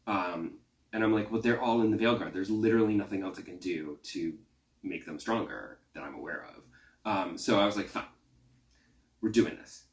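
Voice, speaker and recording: A man with a lowish voice chats casually about a video game, slipping into quick voiced quotes of himself and the characters. He sounds set back from the microphone in a roomy, echoing space. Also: far from the mic. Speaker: podcast host. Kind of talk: casual gaming chat. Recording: echoey room, off-mic.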